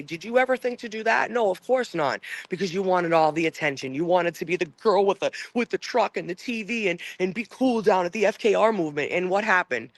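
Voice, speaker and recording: Male streamer, angry rambling profane rant, slightly high pitch, dry close-mic sound. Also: lively intonation, brisk, hardly any pauses, no echo. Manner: reads and answers chat comments. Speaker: livestream host. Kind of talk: casual livestream rant.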